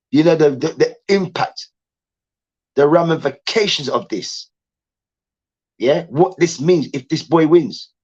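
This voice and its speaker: A man hosting a sports show, ranting in an animated, emphatic way and repeating himself. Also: on the high side, breathy edge, muffled recording. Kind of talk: heated sports rant.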